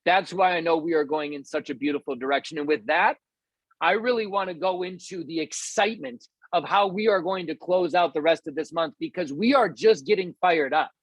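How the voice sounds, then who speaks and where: Male host, fairly high voice, rallying and enthusiastic, dry close recording. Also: brisk, dry recording, poor audio. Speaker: host of a weekly team call. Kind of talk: motivational team announcement.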